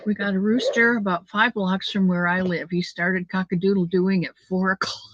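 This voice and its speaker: An older woman's mid-range, slightly bright voice carries fairly even intonation at normal speed as she chats fondly with her livestream viewers from home and reads their comments. The audio is dull, dry, lo-fi, and free of echo.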